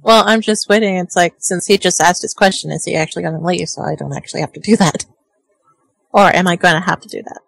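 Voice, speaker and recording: A woman's voice: on the low side, fast talker, gravelly, dry recording, low-quality recording. A woman playing a tabletop role-play game, talking casually and trailing off as she explains herself. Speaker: player.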